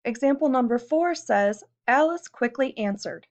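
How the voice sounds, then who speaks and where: A woman's voice: sits high, expressive, moderate pace, few pauses. A woman teacher giving a recorded classroom lesson, explaining patiently step by step and posing questions to her students. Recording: dull lo-fi recording.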